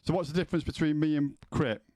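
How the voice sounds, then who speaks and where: A man's voice: a little high, fairly even intonation, fast talker, a little mellow, no room sound, studio quality. A man streaming from home, chatting casually with his viewers, rambling and swearing, often stumbling as he starts a sentence. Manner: sweary, rambling, repeats words when starting.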